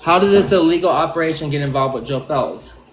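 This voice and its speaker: A man's voice: a little high, lively intonation, a little fast, a little hiss or hum. A man giving an angry, profane commentary rant on a livestream. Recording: roomy echo.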